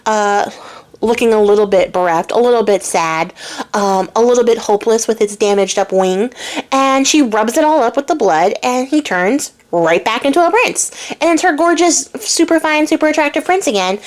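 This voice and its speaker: A young woman hosting and telling a fairy tale in a chatty, giggly way with many fillers. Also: on the high side. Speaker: host, storyteller. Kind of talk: casual storytelling.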